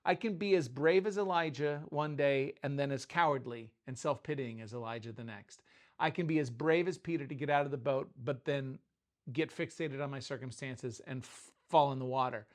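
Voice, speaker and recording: A man's voice: mid-range voice, moderate pace. A man giving an informal, joking sermon, often stopping and restarting his sentences. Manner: conversational, self-interrupting, joking asides. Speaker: pastor.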